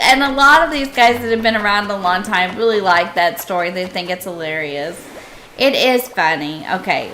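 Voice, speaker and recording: A middle-aged woman streaming a game, telling a funny story in a casual, animated way and often laughing. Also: fairly high pitch. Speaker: live streamer. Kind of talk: casual storytelling while gaming.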